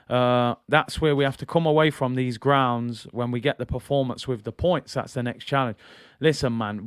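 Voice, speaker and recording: Guy chatting about football, mid-pitched, dry close sound, keeps saying sorry. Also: clear, resonant tone, no echo. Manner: chatty, incredulous, quick to apologize. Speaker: football channel host. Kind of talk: casual fan commentary.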